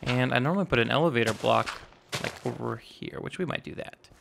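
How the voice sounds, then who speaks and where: A gaming YouTuber in his twenties, slightly raspy and mid-range in voice, gives casual Minecraft let's play commentary at a brisk clip over background noise. He rambles, teases himself, and narrates each building step aloud.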